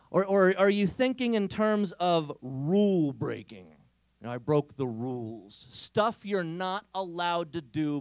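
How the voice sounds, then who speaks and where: Animated male speaker for teens, chatty and expressive, dry close recording. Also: fairly high pitch, clear, resonant tone, dry recording. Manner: animated storyteller who acts out quotes; conversational, with frequent fillers and restarts. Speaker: speaker at a youth event. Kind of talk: talk to teenagers.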